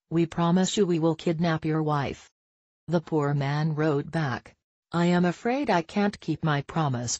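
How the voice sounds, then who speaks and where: A reader narrating a series of short jokes in an even, deliberate audiobook style. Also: mid-range voice, no room sound. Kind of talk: scripted joke narration for learners.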